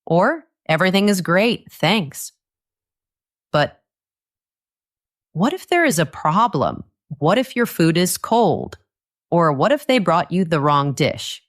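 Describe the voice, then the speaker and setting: A woman narrating a scripted English lesson, speaking clearly and patiently and acting out short dialogue lines. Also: low-pitched, big pitch swings, takes it slowly, long pauses. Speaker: English teacher.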